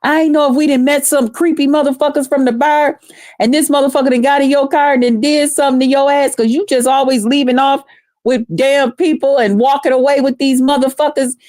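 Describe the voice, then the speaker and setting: A woman voicing her exasperated female cousin, scolding fast in a high, fussing voice. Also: steady tone, darkish tone, lightly acted. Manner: rapid, high-pitched, fussing.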